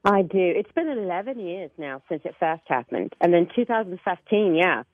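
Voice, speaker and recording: A woman in her forties with a British-sounding accent talks over a thin, tinny telephone line. Her pitch leaps around in a lively way and she laughs easily, often breaking off and restarting her sentences. The line sounds dry and close. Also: normal speed, no echo. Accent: British-sounding accent from foreign accent syndrome. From Oklahoma, United States. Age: 40s. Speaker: phone-in guest. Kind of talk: casual interview chat.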